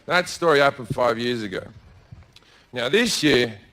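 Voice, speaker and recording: A man doing crude, deadpan stand-up storytelling on stage with a handheld mic. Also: mid-range voice, a little slow. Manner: crude, deadpan storytelling with sudden loud bursts. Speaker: stand-up comedian. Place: stage before a live audience.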